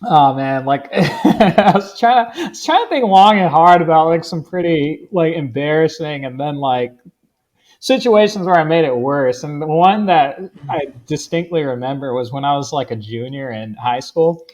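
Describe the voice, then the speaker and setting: A man's voice: fairly high pitch, animated, moderate pace, darkish tone. A man in casual podcast chat, hesitantly starting a story. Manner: hesitant, searching for words. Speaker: podcast co-host.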